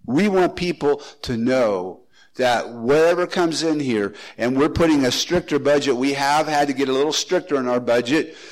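A man's voice: mid-range voice, moderate pace, poor audio. An older man preaching a folksy sermon as pastor, breaking into joking asides.

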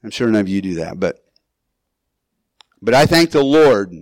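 A man's voice: fairly low pitch, expressive, normal speed, dry recording, low-quality recording. An older male pastor giving an earnest, conversational sermon in his church, speaking straight to his congregation with casual asides.

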